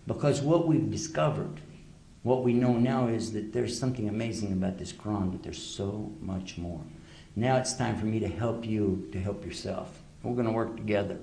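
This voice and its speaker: A man's voice: fairly low pitch, moderate pace, gravelly, warm tone, a little hiss or hum. A man giving a religious lecture to a live audience, emphatic and full of rhetorical questions. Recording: echoey lecture hall.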